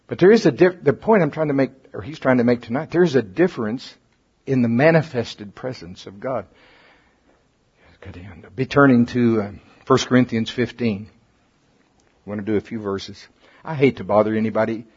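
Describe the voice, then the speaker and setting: A man preaching a sermon to a congregation, folksy and animated, his pitch and volume climbing at the high points. His voice is husky and his mouth is getting dry. The recording sounds dull and lo-fi. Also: moderate pace.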